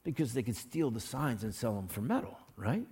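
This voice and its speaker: Gravelly, husky-voiced male pastor. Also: mid-range voice, sing-song, brisk. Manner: folksy, joking asides and everyday illustrations; loud bursts when acting out scenes. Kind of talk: conversational sermon.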